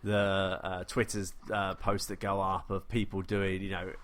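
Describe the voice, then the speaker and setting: A man's voice: deep voice, monotone, unhurried, fairly bright tone. A man co-hosting a casual gaming podcast, talking in a hesitant, musing way. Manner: hesitant, many fillers and restarts, musing. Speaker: podcast co-host.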